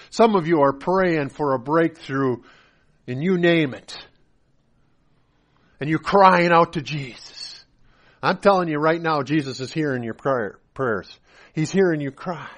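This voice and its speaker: Impassioned preacher man, fairly high voice. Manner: builds from quiet storytelling to loud, impassioned preaching; conversational, with repeated phrases. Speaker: pastor. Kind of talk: sermon.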